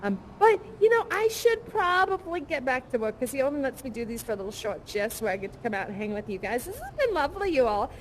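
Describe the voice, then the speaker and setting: A woman's voice: high voice, very animated, quick pace, hardly any pauses, slight background noise. A young woman performing a bubbly bar worker character who chats and gushes with guests at a live immersive show. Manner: chatty, gushing, giggly, rambling. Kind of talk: improvised in-character audience interaction.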